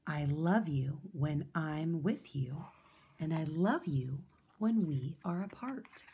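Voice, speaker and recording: A tender storybook mother , read by a woman, reassuring her child in a low, mellow voice. She speaks very slowly and soothingly. Her tone stays gentle and warm throughout. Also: lively intonation, slightly rough, full character voice.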